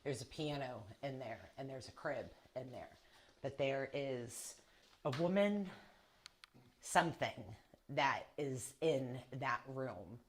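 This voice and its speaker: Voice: mid-range voice, expressive, slow, slight background noise. A medium walking through a church basement, describing felt presences in a rambling, uneasy way with many fillers. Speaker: psychic medium on an investigation. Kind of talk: paranormal walkthrough narration.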